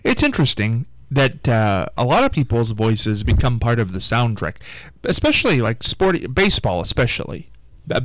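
A man's voice: mid-range voice, no echo, rough recording. A male radio host in casual on-air chat, rambling and searching for his words.

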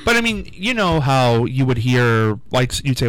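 A man's voice: medium pitch, sing-song, a little slow, fairly bright tone, low-quality recording. A male radio host in casual on-air chat, rambling and searching for his words.

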